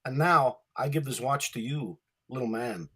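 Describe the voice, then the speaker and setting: A man doing an impression of an eerie older male film actor who speaks in halting, oddly stressed phrases. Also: medium pitch, pushed and bright, voice pushed down, lightly acted. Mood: ominous.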